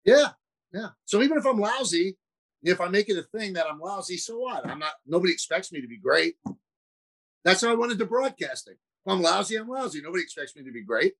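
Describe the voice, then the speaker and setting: A man's voice: high voice, sing-song, fairly quick, fairly bright tone, poor audio. Chatty self-deprecating male broadcaster guest. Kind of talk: casual interview chat.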